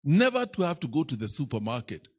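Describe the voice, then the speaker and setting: A man's voice: a little high, very animated, quick pace. A man with a Kenyan accent preaching a sermon as a bishop, telling playful stories and teasing the congregation. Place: church.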